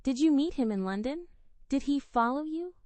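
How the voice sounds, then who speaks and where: Worried protective young man read by a woman, urgent pleading questions, animated pitch, dry close sound. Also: normal speed, no room sound.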